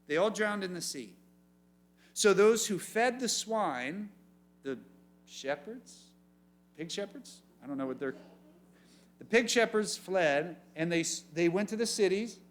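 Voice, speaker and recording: High-voiced man preaching a lively youth sermon. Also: unhurried, long pauses. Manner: animated storytelling, acts out funny voices and asks the room questions. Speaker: youth pastor.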